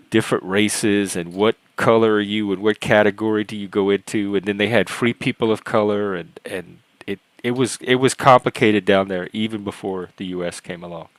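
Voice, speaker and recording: Cajun guy in his 40s, lowish voice, dry close sound, chatty rambling host. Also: no echo, low-quality recording. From South Louisiana. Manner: rambling, halting, storytelling. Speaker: host of a panel discussion. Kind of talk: casual chat.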